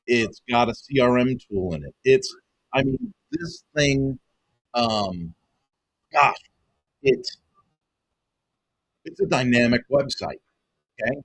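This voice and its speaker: A man who runs a web design business, giving an excited, emphatic pitch to viewers and calling them folks over and over. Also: slow, gravelly, long pauses, no room sound, rough recording. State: excited, half-yelling. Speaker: web design agency owner and coach. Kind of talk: energetic direct-to-camera pitch.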